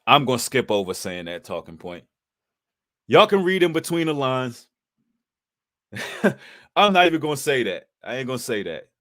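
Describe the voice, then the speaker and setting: A man's voice: medium pitch, big pitch swings, moderate pace, pauses often, fairly bright tone. Male livestream host, mid-range voice, preacherly and emphatic, street-casual delivery. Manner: emphatic, preacherly, addresses audience as brothers and sisters; casual slang with occasional cursing.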